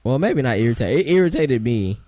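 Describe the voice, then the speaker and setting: A man's voice: medium pitch, sing-song, a little fast, mellow. A man co-hosting a podcast, chatting casually and telling long rambling stories, breaking into laughing impressions. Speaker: podcast co-host. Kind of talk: casual chat.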